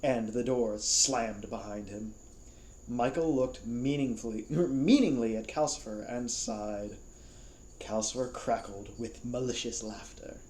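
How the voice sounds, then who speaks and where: Man calmly reading a novel aloud. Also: mid-range voice, measured pace, reverberant, rough recording. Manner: calm, even storytelling. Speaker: storybook reader.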